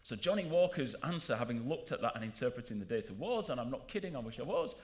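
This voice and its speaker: A man giving a jokey, animated conference talk to a live audience in a large room. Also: medium pitch, quick pace. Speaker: conference speaker.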